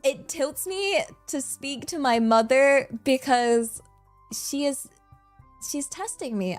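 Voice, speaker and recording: A woman chats casually on her stream, animated and quick to laugh as she rambles from thought to thought. Her voice sits a little high. Soft music plays faintly behind her. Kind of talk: casual chat.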